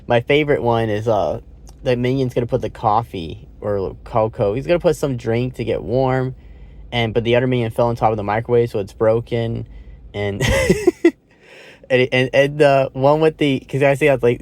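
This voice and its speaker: A man's voice: mid-range voice, big pitch swings, normal speed, a little mellow. A man talking through a movie in a loose, rambling way from inside a car. He uses lots of fillers, swears casually, and laughs at his own retelling. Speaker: movie reviewer. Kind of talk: casual spoken movie review.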